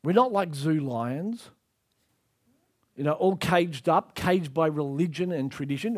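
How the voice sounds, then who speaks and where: A man's voice: fairly high pitch, animated, unhurried. A man preaching a sermon with emphatic, repetitive delivery.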